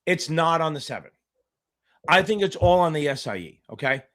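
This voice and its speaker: Fairly bright and on the high side, this man's voice has lively intonation and a moderate pace. Middle-aged, he runs a livestreamed Q&A for exam candidates, being blunt, provocative and foul-mouthed while digressing into tangents.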